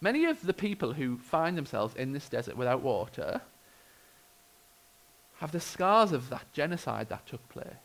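Lively, gravelly British preacher. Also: male voice, medium pitch, normal speed, rough recording. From United Kingdom. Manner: expressive storytelling with wry humour. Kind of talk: sermon.

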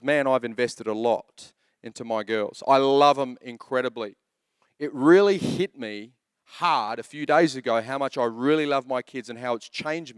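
A man's voice: medium pitch, smooth, dry recording, clean studio sound. A man in his thirties preaching a sermon as pastor, telling jokey stories in a chatty way. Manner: chatty, joking storyteller.

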